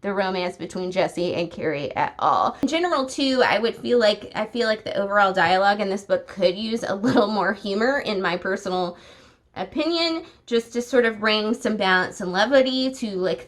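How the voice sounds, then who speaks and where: A woman's voice: mid-range voice, normal speed. Chatty young woman book vlogger. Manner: chatty, opinionated, frequent "like" fillers. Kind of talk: casual vlog chat. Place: home at night.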